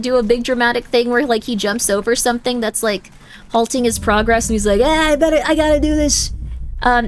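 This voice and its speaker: A woman streamer chatting casually while playing a game, rambling with lots of filler words. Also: fairly high pitch. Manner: rambling, heavy use of 'like'. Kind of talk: casual gaming livestream chat. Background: faint game music.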